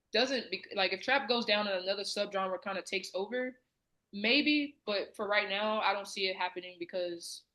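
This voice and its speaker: On a low-quality recording, a woman from the American South chats casually as a podcast co-host. Her medium-pitched voice sounds pushed and bright, and her loose talk is full of fillers.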